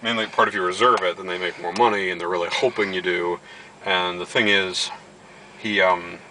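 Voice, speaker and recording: A man's voice: sits low, fairly even intonation, normal speed, sharp tone, slight background noise, low-quality recording. A man from Baltimore vlogging casually, telling a story and acting out what others said. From Baltimore, USA. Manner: storytelling, acts out quoted dialogue. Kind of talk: casual chat.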